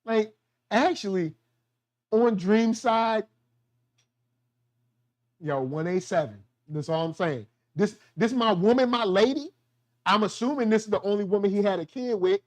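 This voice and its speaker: A man's voice: high-pitched, measured pace, long pauses. Slangy man riffing on a TV show. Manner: slangy, animated, acts out quotes in voices. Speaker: show host. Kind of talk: casual TV review chat.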